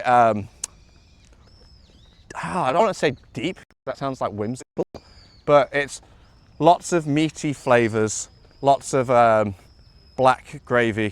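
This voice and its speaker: A man's voice: mid-range voice, no echo. A young man with a Liverpool accent, chatting casually on a live stream, rambling with lots of ums and calling his viewers bro and man. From Liverpool, England. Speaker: IRL livestreamer. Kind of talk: casual live-stream chat reading chat aloud. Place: outdoors in Osaka, early morning.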